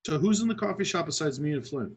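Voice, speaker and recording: A man's voice: on the high side, lively intonation, quick pace, breathy edge. Chatty male tabletop player. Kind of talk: casual tabletop play.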